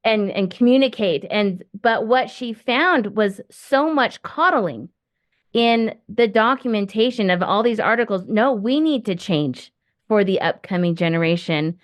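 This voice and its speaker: A woman's voice: medium pitch, expressive, a little slow, no room sound. Chatty middle-aged woman hosting, dry sound. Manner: chatty, rambling, with many fillers. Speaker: podcast host. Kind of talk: casual interview conversation. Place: home.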